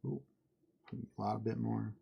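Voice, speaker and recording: A man's voice: on the low side, steady tone, slow pace, creaky, husky, highs cut off. A man hosting a live miniature-painting stream, chatting casually and laughing at himself while he works. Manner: chatty, self-deprecating, laughs easily.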